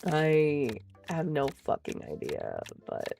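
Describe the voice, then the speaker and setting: A woman's voice: low voice, wildly swooping pitch, slow pace, gravelly, a little mellow, soft background music. A woman vlogger telling a story in casual chat, blunt and profane, laughing often.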